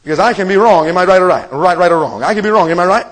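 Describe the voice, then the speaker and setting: High-voiced emphatic male preacher. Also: rapid-fire, rough recording. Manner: emphatic, asks the congregation questions. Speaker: evangelist preacher. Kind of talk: sermon. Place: church meeting room.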